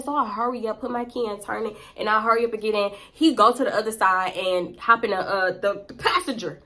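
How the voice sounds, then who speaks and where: Animated, bright-voiced woman. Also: mid-range voice, a little fast, few pauses. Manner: animated, profane, slangy, dramatic. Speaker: vlogger. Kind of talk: casual storytime. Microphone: close to camera.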